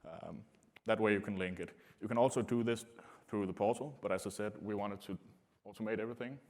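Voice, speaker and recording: A man giving a technical conference talk to a room, speaking in a halting way with many filler sounds. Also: fairly low pitch, a little mellow. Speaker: conference presenter.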